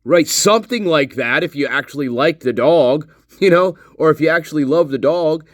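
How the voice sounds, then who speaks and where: A man's voice: a little high, moderate pace, no room sound, studio quality. A man giving sarcastic, profane casual commentary over video footage, laughing often. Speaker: online commentator.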